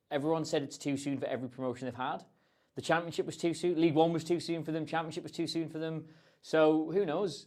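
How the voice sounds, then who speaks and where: A man's voice: fairly high pitch, darkish tone. A man hosting a casual livestream, answering viewer questions in a chatty, rambling, self-deprecating way. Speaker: host.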